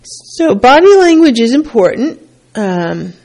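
A woman's voice: on the high side, big pitch swings, takes it slowly, darkish tone. A woman working as a couples therapist, giving relationship advice in a plainspoken, conversational way and repeating key points for emphasis.

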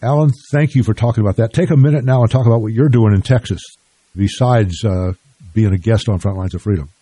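Older male radio host, low dark voice, husky, dry studio sound, measured. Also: no echo. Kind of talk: radio talk show interview.

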